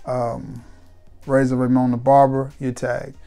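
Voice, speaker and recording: A laid-back man chatting to camera about fragrances in a loose, repetitive way. His mid-range voice has a gravelly, creaky texture, and faint music plays underneath. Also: mid-range voice, unhurried. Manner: relaxed, rambling and repetitive, with warm sign-offs. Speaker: fragrance reviewer. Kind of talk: casual chat to camera.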